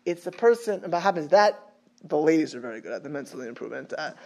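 A man's voice: a little high, lively intonation, quick pace, a little mellow. A man giving an informal Torah class, chatty and repetitive, dropping in Hebrew and Yiddish terms.

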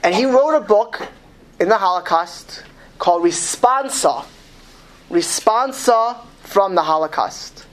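Male lecturer reading aloud, deliberate, slow, often trips and restarts. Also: high voice. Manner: reads slowly and with emphasis, with frequent restarts. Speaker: speaker reading a story to an audience. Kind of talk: lecture with read-aloud story.

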